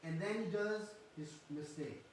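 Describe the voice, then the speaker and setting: A man's voice: on the high side, unhurried. Man telling a sacred story, echoey and distant. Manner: animated storyteller, acts out quotes, varies volume. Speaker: speaker giving a religious class. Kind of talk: storytelling sermon. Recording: echoey room from far off, faint hiss.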